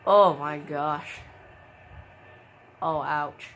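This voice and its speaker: A woman giving casual play-by-play commentary on a wrestling video game, with excitable exclamations and sudden shrieks. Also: deep voice, drawn-out words, slight background noise. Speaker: gameplay commentator.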